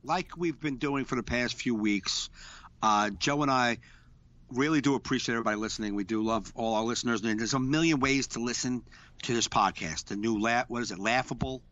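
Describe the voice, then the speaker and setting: A man co-hosting a casual podcast, his voice bright and forward. He rambles, restarts and swears freely, speaking into a desk mic over an online call, at an everyday pitch for a man. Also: fairly quick, highs cut off. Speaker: podcast co-host. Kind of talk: casual chat. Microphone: desk microphone over a call.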